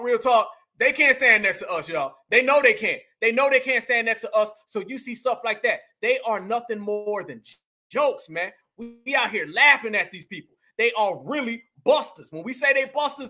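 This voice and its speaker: A man with a very high, sharp, bright voice delivers mocking reaction commentary to his viewers. He jeers, repeats catchphrases and turns up the volume to a shout when he's worked up. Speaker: commentary show host.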